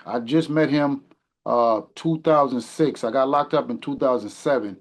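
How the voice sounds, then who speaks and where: Podcast guest, man in his 40s, middle pitch, earnest and reflective, speaks softly at times. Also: normal speed. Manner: earnest, reflective, drops quieter at the ends. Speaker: podcast guest, community mentor. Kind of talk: casual conversation.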